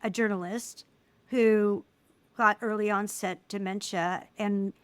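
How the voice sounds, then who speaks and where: A middle-aged woman speaking as an interview guest, telling personal stories in an animated way and acting out the voices of people she quotes. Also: mid-range voice, takes it slowly, clean tone, dry recording. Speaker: guest, filmmaker. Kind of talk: casual interview conversation.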